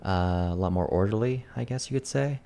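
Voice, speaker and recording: A man voicing a curious, teasing young noblewoman who talks haltingly with many fillers, over faint music. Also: lowish voice, creaky, dark tone. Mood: musing.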